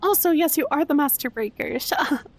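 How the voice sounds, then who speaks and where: A woman streamer chatting casually with her viewers, soft-spoken and emotional, with frequent swearing. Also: high-pitched, fairly quick. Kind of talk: casual live-stream chat.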